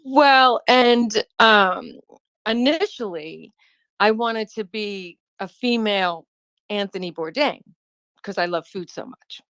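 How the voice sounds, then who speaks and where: A woman speaks as a guest in an online chat, thinking aloud and restarting her phrases. Her voice sits at an ordinary middle pitch. The sound is dry and close, with no room around it. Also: smooth, dry recording. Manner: warm, reflective, halting with restarts. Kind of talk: casual chat.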